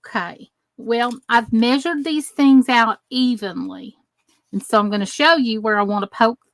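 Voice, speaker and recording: A woman's voice: fairly high pitch, moderate pace, fairly bright tone. A middle-aged woman from the United States hosting a live crafting tutorial, chatting and greeting viewers by name as she works. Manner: chatty, greets viewers by name while working with her hands. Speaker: crafting channel host.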